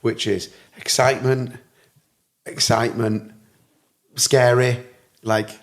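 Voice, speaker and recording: A man's voice: mid-range voice, flat delivery, takes it slowly. A man in a casual podcast chat, telling tour stories and often laughing. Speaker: musician guest.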